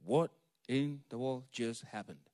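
A man's voice: mid-range voice, measured pace, mellow, no room sound, clean studio sound. A man giving an informal Bible teaching, talking conversationally and retelling scenes in casual slang. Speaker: preacher.

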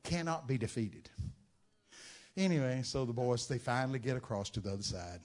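A man preaching a sermon, telling Bible stories with dramatic shouted outbursts. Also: mid-range voice, moderate pace. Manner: dramatic storytelling, bursts into loud shouted quotes.

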